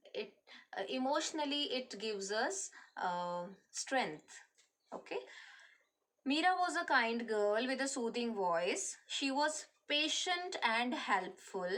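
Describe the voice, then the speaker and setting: A woman teacher with an Indian English accent, explaining a reading lesson to children slowly, with many fillers. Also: a little high, fairly bright tone. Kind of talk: online class lesson.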